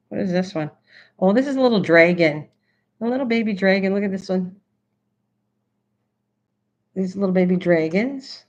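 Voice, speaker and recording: A woman hosting a casual craft livestream, chatting excitedly and answering her chat as she goes. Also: fairly low pitch. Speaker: livestream host. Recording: slightly dull lo-fi stream audio.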